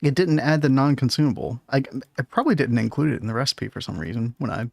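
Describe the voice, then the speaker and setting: A man's voice: medium pitch, quick pace, vocal fry, a little mellow, no room sound. A man hosting a casual game stream, thinking aloud and chuckling often.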